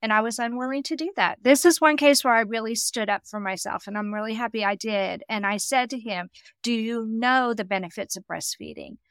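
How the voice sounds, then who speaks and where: A woman's voice: fairly high pitch, brisk, fairly bright tone, smooth, no echo. Earnest woman telling a personal story. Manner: earnest, emotional, quotes others in dialogue. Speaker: guest.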